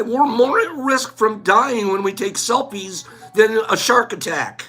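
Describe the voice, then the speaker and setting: Slow, husky, animated live-chat host. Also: medium pitch, faint music behind. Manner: playful, teasing, talks to chatters by name. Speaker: livestream host reading chat.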